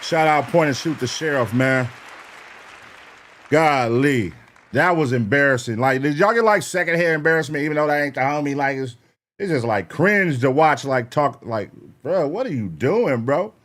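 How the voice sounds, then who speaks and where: A man's voice: a little high, expressive, normal speed, a faint crowd. Hyped, slangy male reaction streamer. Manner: loose, laughing, profane slang, shouting out chat names. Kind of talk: live-stream reaction commentary.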